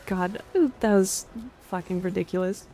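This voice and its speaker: A woman streamer chatting casually while gaming, crude and excitable, swearing freely. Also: fairly low pitch, measured pace.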